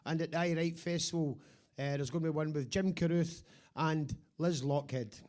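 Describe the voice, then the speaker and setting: A man's voice: on the high side, fairly even intonation, moderate pace, a little mellow. A man hosting a live event, hesitant, with lots of fillers between his words. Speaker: host. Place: live venue.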